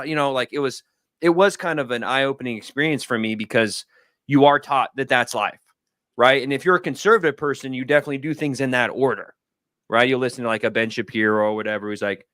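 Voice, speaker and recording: A man in his thirties talking casually on a livestream, rambling and animated, often acting out his friends in a raised voice. His voice sits at an ordinary pitch. The sound is close and dry, with no room echo. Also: fast. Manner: rambling, animated, acts out friends' lines in a higher voice. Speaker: guest. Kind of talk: casual storytelling conversation. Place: home studio.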